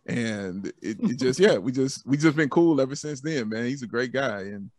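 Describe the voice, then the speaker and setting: A man's voice: medium pitch, lively intonation, normal speed, a little mellow, no room sound. A man talks easily as a guest on a podcast, cheerful and full of laughter. His voice sits in a middle register. The sound is dry and close to the mic. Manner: upbeat, laughs often, says "man" a lot. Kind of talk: casual chat.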